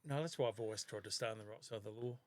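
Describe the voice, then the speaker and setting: An Australian man in his fifties, a podcast guest telling lively stories in casual chat and laughing often. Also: on the low side, very fast, no echo. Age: 50s.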